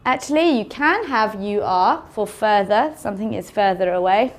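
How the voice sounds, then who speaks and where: A woman teaching an English phonics lesson, sounding out words slowly and carefully for learners. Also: mid-range voice, animated. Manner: slow, careful enunciation of sounds.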